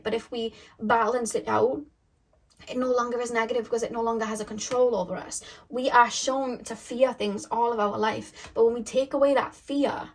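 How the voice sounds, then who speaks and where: A woman's voice: fairly high pitch, gravelly. A woman tarot reader telling a spiritual story to camera in a rambling, emphatic way. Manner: rambling, emphatic, lots of fillers and restarts.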